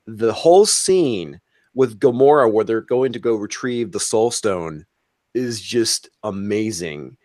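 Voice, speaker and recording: A man on a podcast roundtable, telling an excited story with lots of fillers and restarts. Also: fairly low pitch, slow, no echo. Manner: excited, animated storytelling with frequent fillers and swearing. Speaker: roundtable guest. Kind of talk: casual podcast chat.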